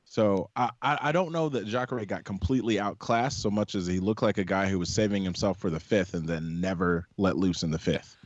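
Lowish guy arguing his take, sounds a bit muffled and lo-fi. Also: a little fast, no room sound. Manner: opinionated, argues his points at length. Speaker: podcast co-host. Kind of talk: casual sports chat.

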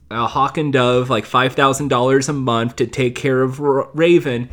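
A man in his late twenties casually recapping TV episodes, rambling and sarcastic, with the odd curse word. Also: mid-range voice. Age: late 20s. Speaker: TV show recapper.

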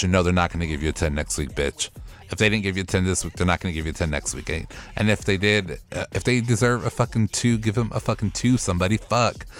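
A man with a very deep, low voice rants through a solo podcast recap, sassy, profane and fed up. Faint music plays quietly behind him. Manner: profane, sassy, exasperated ranting. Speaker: podcast host recapping a TV show. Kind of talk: casual solo recap rant.

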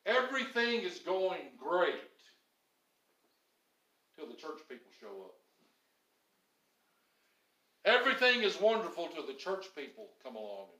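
A man preaching a sermon in an animated way, acting out the grumbling crowd now and then. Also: a little high, moderate pace, echoey room, low-quality recording. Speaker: pastor.

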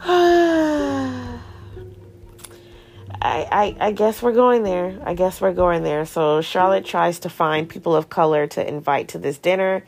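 Female podcast host, low gravelly voice, sassy slangy TV-recap chat. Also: normal speed, few pauses, soft background music. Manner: sassy, slangy, animated storytelling. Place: podcast studio.

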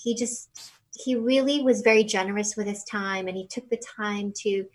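A woman guest in an interview, recounting a personal memory with feeling. She talks in halting runs, full of fillers, restarts and trailing phrases. Her pitch sits in a middle range. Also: poor audio.

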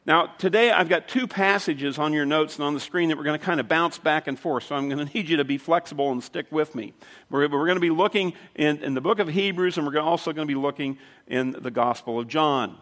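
Preaching as pastor, this man tells a story in a conversational style, leaning into dramatic emphasis. He speaks fairly quickly in a voice that runs high with a fairly bright tone, captured in a church sanctuary with the long echo of a big hall.

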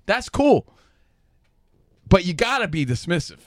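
A man bantering loosely on a podcast, his voice a touch high and lively as he swings up and down. He swears freely and acts out little quotes. The sound is dry and close. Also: a little slow, no room sound. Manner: animated, profane, acts out quotes. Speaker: podcast co-host. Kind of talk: casual banter.

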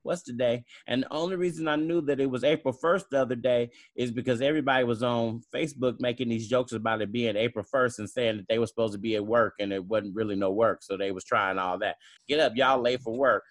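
A man's voice: medium pitch, steady tone, fast, few pauses. A man co-hosting a casual podcast, telling stories in a laid-back, chatty way and reacting playfully. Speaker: podcast co-host.

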